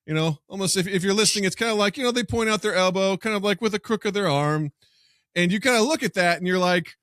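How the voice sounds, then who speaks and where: A man's voice: high voice, fast talker, no room sound, studio quality. A man from Missouri hosting a podcast, chatting casually and acting out the lines of people in his stories. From Missouri, USA. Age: young adult. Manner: animated storyteller who acts out quoted lines. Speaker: podcast host. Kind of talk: casual chat.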